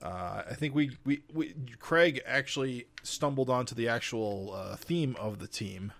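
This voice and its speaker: A man co-hosting a chatty podcast, his voice sitting at an ordinary middle pitch. He talks with frequent hesitant fillers and pauses, then reads a listener letter aloud. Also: creaky, a bit bright, a little hiss or hum. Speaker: podcast co-host. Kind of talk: casual chat, reading a listener letter.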